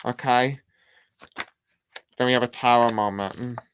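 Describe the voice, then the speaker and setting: A person giving a tarot reading to their viewers in a halting way, often pausing and repeating the same phrases while laying out cards. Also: mid-range voice, fairly even intonation, slight background noise. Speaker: tarot reader. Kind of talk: casual tarot reading to camera.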